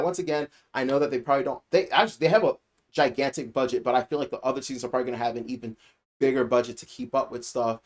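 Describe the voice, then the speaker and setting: Rambling male anime reviewer. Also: mid-range voice. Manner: rambling, repeats himself, emphatic. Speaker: anime reviewer and channel host. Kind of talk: casual spoken review.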